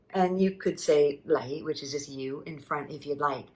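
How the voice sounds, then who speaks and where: Low-voiced woman teaching patiently. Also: steady tone, a little mellow, rough recording. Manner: patient, explains and repeats words slowly. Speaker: language teacher. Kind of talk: relaxed spoken lesson.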